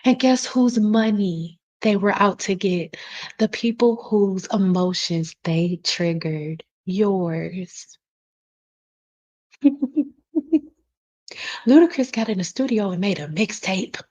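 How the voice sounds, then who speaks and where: A woman's voice: mid-range voice, takes it slowly, darkish tone, muffled recording. A woman who works as a cosmetologist, speaking bluntly and emphatically in a casual vlog, swearing freely and addressing her viewers directly. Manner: talks straight to the audience, calls them y'all.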